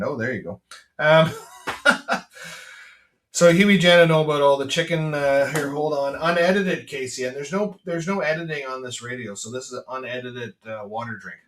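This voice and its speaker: A man's voice: medium pitch, a bit bright, recorded from a distance, slight background noise. A Canadian man, a farmer hosting his podcast, talking in a blunt, rambling way with lots of fillers and restarts. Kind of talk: casual rambling monologue. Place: farm.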